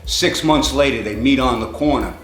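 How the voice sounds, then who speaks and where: A man's voice: mid-range voice, moderate pace, a bit bright, roomy sound, soft background music. New man telling rambling jokes. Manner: rambling storyteller, acts out characters in raised voice. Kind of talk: joke telling.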